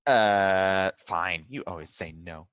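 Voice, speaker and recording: A man's voice: low voice, takes it slowly, a bit bright, clean tone, no room sound. A man playing a tabletop game, arguing over the rules and hesitating with many fillers. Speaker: player.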